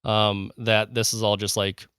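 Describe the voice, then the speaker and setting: Male podcast co-host, low-pitched, enthusiastic rambler, dry close mic. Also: little pitch movement, unhurried, a bit bright, clean tone, no room sound. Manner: enthusiastic, rambling with many fillers and restarts. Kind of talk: casual conversational podcast.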